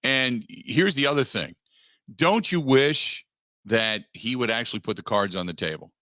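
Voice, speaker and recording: A man hosting a sports talk radio show, riffing animatedly and mock-quoting others in quick asides. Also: mid-range voice, expressive, pushed and bright, dry recording, clean studio sound.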